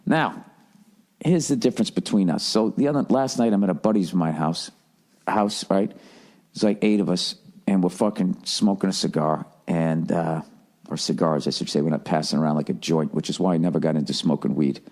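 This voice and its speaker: A man's voice: deep voice, a little fast, a little mellow. A man telling a rambling, profane, self-mocking comic rant in a podcast style. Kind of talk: comedic rant.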